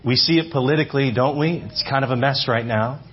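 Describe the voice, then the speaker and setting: A man in his forties preaching a sermon in church, animated, repeating phrases for emphasis and asking the congregation questions. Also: mid-range voice, a little fast, breathy edge, dull audio. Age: 40s. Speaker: visiting speaker. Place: church sanctuary.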